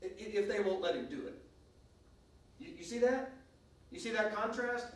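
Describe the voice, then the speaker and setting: A man's voice: high voice, moderate pace, long pauses. A man teaching a church Bible class, emphatic and stopping often to restart or to ask the class questions. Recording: echoey room, recorded from a distance.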